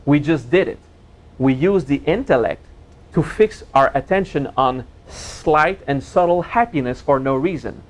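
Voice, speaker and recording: Gentle, playful man teaching a seminar. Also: on the high side, lively intonation, measured pace, rough recording. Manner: gentle, playful, laughs at his own jokes. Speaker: spiritual teacher. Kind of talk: relaxed seminar talk.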